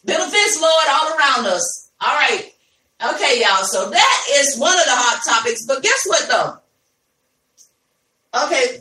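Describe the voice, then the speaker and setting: Chatty woman host, unhurried and bright, recorded at a distance in an echoey room. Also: high voice. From Ohio, USA. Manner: chatty, addresses listeners as y'all, laughs easily. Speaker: podcast host. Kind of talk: casual live podcast chat.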